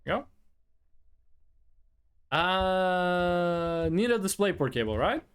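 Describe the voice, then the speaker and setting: Young male streamer, high voice, animated delivery, loose rambling storyteller at a desk mic. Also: drawn-out words, clear, resonant tone. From Norway. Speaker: livestreamer. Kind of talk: casual chat with chat.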